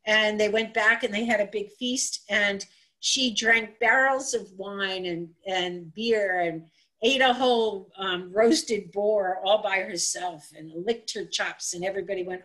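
A woman tells an old legend aloud in a casual, live-streamed session. Her delivery is animated and chatty, and she drifts into asides and starts lines over. Her pitch sits in the middle for a woman. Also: a little slow, poor audio. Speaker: storyteller.

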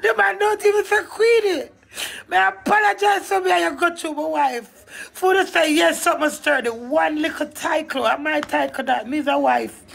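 Distraught Jamaican woman, high and gravelly. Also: normal speed, a bit bright. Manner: agitated, swears heavily, in Jamaican patois. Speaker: guest. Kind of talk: emotional interview talk.

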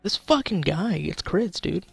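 A man's voice: high-pitched, expressive, unhurried, vocal fry, a bit bright, breathy edge, no echo, soft background music. A young man giving casual gameplay commentary, swearing and joking as he plays. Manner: swearing, frustrated, joking, talking to chat. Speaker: gaming YouTuber.

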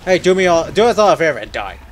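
A man giving casual let's play commentary, joking and rambling, with sudden loud yelps, while sick. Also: a little high, very animated, fast, slight background noise. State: sick, on medication.

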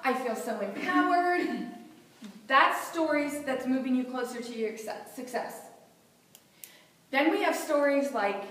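Middle-aged lady motivational speaker, high voice, big echoey hall, acts out her inner voice, laughs a lot. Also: animated, unhurried, long pauses, fairly bright tone, far from the mic. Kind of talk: motivational talk to a live audience. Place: seminar room with audience.

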